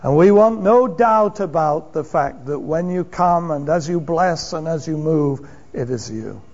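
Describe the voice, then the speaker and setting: A man with a high voice preaching a sermon from the pulpit. He speaks with steady emphasis, asks his congregation rhetorical questions and chuckles now and then. The recording sounds dull and lo-fi. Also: unhurried.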